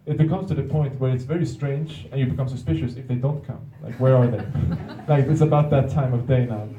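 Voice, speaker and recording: Dark-voiced man telling stories. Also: medium pitch, fairly quick, a little hiss or hum. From Sweden. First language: Swedish. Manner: amused, often laughs, acts out other people's lines. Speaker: speaker at a public talk. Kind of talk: anecdotal storytelling. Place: hall at a museum talk. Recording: roomy, distant, dull hall recording.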